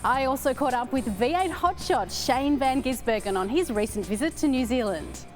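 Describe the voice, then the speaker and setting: A woman hosting a motorsport magazine show, reading scripted links and asking interview questions in a poised, even delivery. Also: sits high, moderate pace, soft background music. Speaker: show host.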